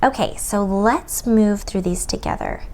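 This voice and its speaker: An American woman tutoring children through a map lesson, in a slow sing-song manner that sometimes drops to a whisper. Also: medium pitch, darkish tone, a little hiss or hum. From United States. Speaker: homeschool tutor teaching children.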